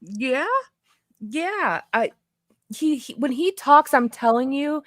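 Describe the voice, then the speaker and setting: Woman, stream host, high-ish voice, giggly casual chatter, dry sound. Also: slow pace, no room sound. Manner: giggly, excitable, lots of fillers. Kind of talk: casual chat.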